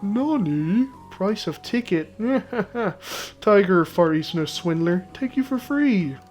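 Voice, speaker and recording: Brief: swaggering little cat deckhand, read aloud by a gamer, clipped broken phrasing, medium pitch. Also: animated, slow pace, a little mellow, soft background music. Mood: pompous. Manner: clipped pidgin phrasing sprinkled with Japanese words. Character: boastful male cat sailor, broken speech.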